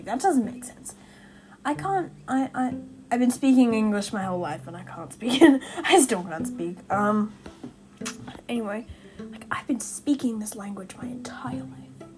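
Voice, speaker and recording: A woman's voice: a little high, darkish tone, poor audio. A young woman hosting a casual fan-theory podcast, rambling and correcting herself, recorded at home by a window. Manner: rambling, self-correcting, giggly. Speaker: podcast host.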